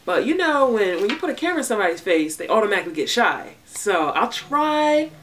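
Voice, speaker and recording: A woman's voice: mid-range voice, big pitch swings, a little fast, far from the mic, a little hiss or hum. A young woman vlogger answering viewer questions in a casual, laid-back way, breaking off to talk to her baby. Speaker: beauty and hair vlogger. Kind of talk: casual Q&A vlog.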